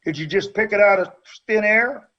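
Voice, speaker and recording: A man's voice: sits high, normal speed. A man on a city council, questioning the law director insistently in a council meeting debate. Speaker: council member. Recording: dull lo-fi sound.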